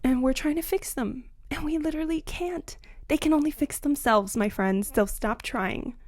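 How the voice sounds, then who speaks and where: A young woman ranting to camera about dating, blunt and sarcastic, swinging between loud outbursts and muttered asides. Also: high-pitched, moderate pace, no room sound. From Latina. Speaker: comedic commentary host. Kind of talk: scripted comedic rant to camera.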